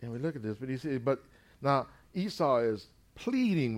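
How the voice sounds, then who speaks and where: A man preaching a sermon. He retells a scripture story in his own words, dropping in "amen" and swinging between loud and quiet. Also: mid-range voice, sing-song, moderate pace.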